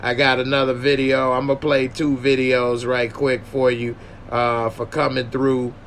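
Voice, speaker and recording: A man's voice: mid-range voice, little pitch movement, normal speed, a bit bright, slight background noise. A man hosting a casual livestream podcast, joking and slangy while thanking his viewers. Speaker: podcast host.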